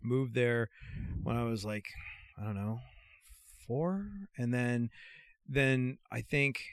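A middle-aged man with a slight Anglo-American accent, telling stories in a lively, jokey way in a casual chat. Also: medium pitch, slow, dry recording, clean studio sound. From America, raised mostly in England. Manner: animated storyteller, jokey. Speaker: radio host guest.

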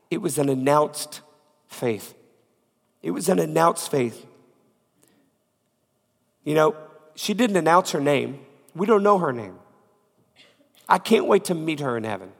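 A man preaching a sermon as pastor, with a cold, repeating phrases emphatically, swinging from loud peaks to quiet. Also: on the high side, creaky, husky, in a large hall. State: has a cold.

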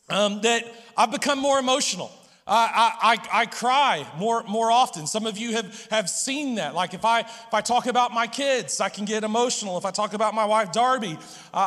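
A man with a high, bright, forceful voice delivers an earnest sermon to his congregation, stumbling over repeated words as he goes. His voice rings out with a long echo in a church hall. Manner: earnest, halting with many repeated restarts. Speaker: pastor. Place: church sanctuary.

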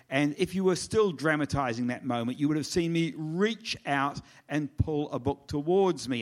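A middle-aged man, an author speaking to an audience in a lecture room, telling wry, self-deprecating stories with quoted dialogue. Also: mid-range voice. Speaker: author giving a talk. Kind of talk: storytelling presentation.

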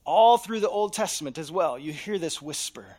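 A man preaching a sermon, dropping to a hush and then rising loud as he acts out voices. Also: high-pitched, expressive, moderate pace. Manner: dramatic, swings from hushed to loud, acts out voices in quotes. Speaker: pastor.

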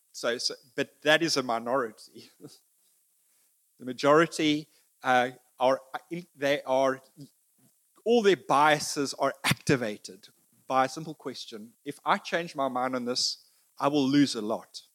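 A man speaking off the cuff to an audience, telling a story in a conversational, halting way with restarts. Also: mid-range voice, fairly bright tone. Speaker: speaker answering audience questions. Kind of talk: unscripted talk to an audience.

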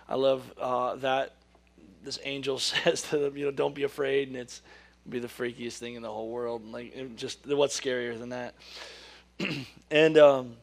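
A man giving a sermon, who reads scripture slowly and then talks casually, laughing at his own corny jokes. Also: mid-range voice, flat delivery, gravelly. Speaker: preacher. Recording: podcast recording of a live sermon.

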